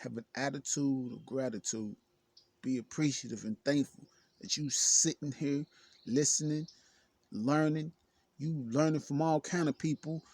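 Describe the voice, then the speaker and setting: A man's voice: medium pitch, fairly even intonation, unhurried, darkish tone, no echo. A man giving an earnest, emphatic self-help talk, repeating phrases for emphasis. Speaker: motivational speaker. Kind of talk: self-help video monologue.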